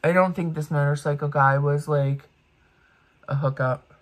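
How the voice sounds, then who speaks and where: A woman's voice: low-pitched, fairly even intonation, moderate pace. A woman in her fifties doing get-ready-with-me commentary, blunt and ranting, swearing freely. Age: 50s. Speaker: beauty vlogger.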